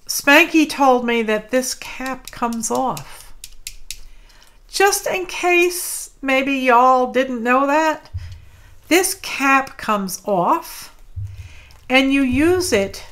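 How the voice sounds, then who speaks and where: Slow, chatty woman hosting a craft livestream. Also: high voice, expressive, fairly bright tone. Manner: chatty, greets viewers by name, apologetic about mispronouncing names. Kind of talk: chatty live craft demonstration. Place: home craft studio.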